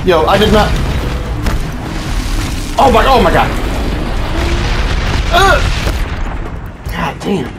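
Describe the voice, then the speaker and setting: A man giving gameplay commentary, swearing, yelling at enemies and repeating words in rapid bursts. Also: high voice, wildly swooping pitch. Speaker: gaming channel host. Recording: game music behind the voice.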